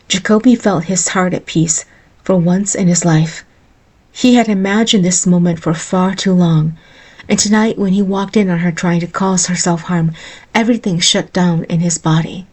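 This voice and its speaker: A woman narrating a romance story in a calm, even storytelling manner. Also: fairly low pitch, husky. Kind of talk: audiobook-style romance narration.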